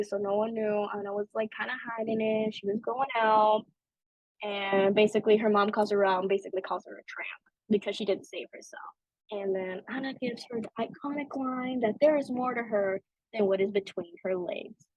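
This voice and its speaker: A young woman with a slightly high voice chats casually about a film on her podcast, dropping "like" and "you know" as she goes. The recording sounds dry and a bit dull, with no room echo. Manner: chatty, lots of "like" and "you know". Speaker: podcast host.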